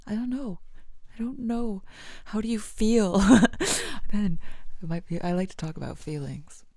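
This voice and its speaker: A woman's voice: mid-range voice, expressive, a little slow, a little mellow, no room sound, studio quality. A young woman hosting a casual solo podcast, rambling and self-deprecating, often laughing and dropping into whispers. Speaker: podcast host.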